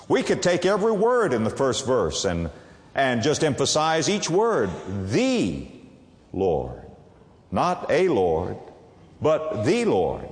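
A man preaching a sermon in a church, his voice rising and falling with lively swings of pitch. He lingers on single words with dramatic pauses and reads scripture slowly and solemnly. A long reverb trails after him in the hall. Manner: dramatic pauses and emphatic word-by-word stress.

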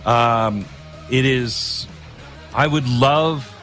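A male talk radio host holds forth in a rambling monologue at an everyday pitch. He is opinionated and blunt, but breaks off into self-deprecating asides, with faint music in the background. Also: very slow, a bit bright.

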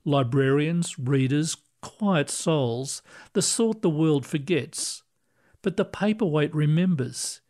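A man reading aloud, voicing a kindly, calm male ghost librarian who speaks gently and reassuringly. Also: a little high, takes it slowly. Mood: gentle. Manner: gentle, reassuring, soft-spoken.

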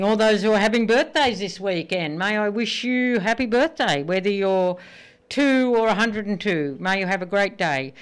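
Smooth-voiced radio host telling jokes. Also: medium pitch. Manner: chatty, warm well-wishing, laughs at own jokes. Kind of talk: casual radio chat and joke-telling.

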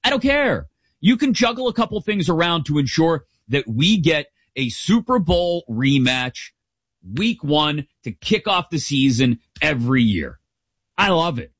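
A middle-aged man hosting a sports talk show, giving casual, opinionated commentary in an animated, jokey way. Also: a little high, unhurried, no echo. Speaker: sports podcast host.

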